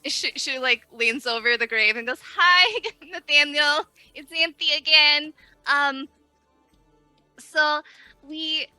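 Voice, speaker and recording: Woman, tabletop player, in character, very bright, rambling, hesitant. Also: high voice, dry recording, poor audio. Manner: soft, rambling, hesitant, sighing. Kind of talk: in-character speech in a tabletop game.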